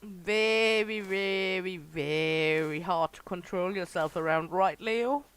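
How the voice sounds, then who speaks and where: A woman's voice: low-pitched, slow, smooth. A woman streamer chatting casually with viewers while playing a game, teasing regulars by name. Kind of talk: casual livestream chat with viewers.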